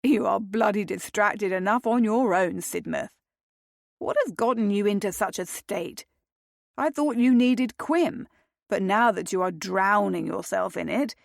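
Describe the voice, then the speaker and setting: A woman's voice: mid-range voice, unhurried, gravelly, dry recording, clean studio sound. A woman voicing a teasing young aristocratic duke who drawls and mocks his friend, in a read romance novel. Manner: drawling, mocking.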